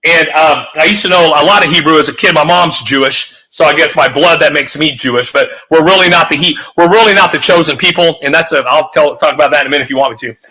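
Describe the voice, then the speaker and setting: High bright-voiced ranting man. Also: fast, few pauses, poor audio. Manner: profane, emphatic, rambling with restarts. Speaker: guest. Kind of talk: heated conspiracy rant.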